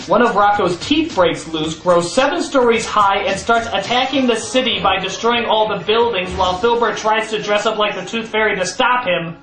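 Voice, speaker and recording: A man hosting a comedy review, sarcastic and prone to exaggerated, shouted outbursts. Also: sits high, expressive, moderate pace, hardly any pauses. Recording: echoey voice over music.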